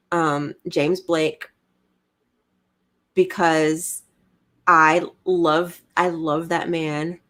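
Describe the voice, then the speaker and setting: A woman's voice: on the low side, fairly bright tone. A woman co-hosting a casual podcast chat, playful and teasing, with frequent giggles. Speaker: co-host.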